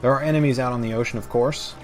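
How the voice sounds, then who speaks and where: A man's voice: mid-range voice, steady tone, very fast, soft background music. A young man hosting a let's play, chatting in a rambling, self-mocking way with many fillers. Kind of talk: gameplay commentary.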